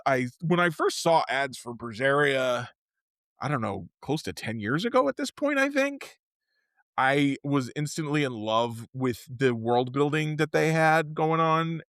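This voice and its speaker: A podcast co-host with an ordinary mid-pitched voice chats casually, rambling happily and cutting himself off to restart sentences as excitement takes over. His close mic gives a dry sound with no room echo whatsoever.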